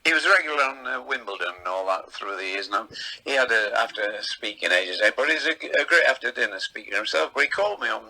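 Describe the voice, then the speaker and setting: Gravelly older English comedian spinning yarns. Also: male voice, medium pitch, animated, quick pace, sharp tone, poor audio. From England. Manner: chatty, rambling anecdotes with playful voices in quotes. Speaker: veteran comedian guest. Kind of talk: relaxed anecdotal storytelling.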